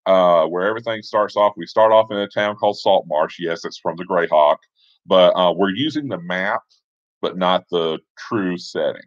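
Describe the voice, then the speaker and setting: A man casually telling a tabletop game story, with relaxed asides and fillers. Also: low voice, moderate pace, dry recording, dull audio.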